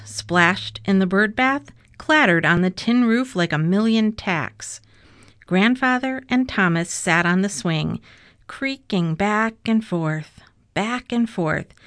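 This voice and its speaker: A woman narrating a children's storybook in a steady, expressive read-aloud. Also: mid-range voice, no room sound, studio quality. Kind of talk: storybook reading.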